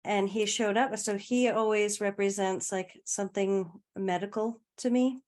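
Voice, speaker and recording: A woman's voice: mid-range voice, fairly even intonation, measured pace, a little mellow. A woman guest in a casual conversation, telling a personal story in a chatty way, often laughing and trailing off mid-sentence.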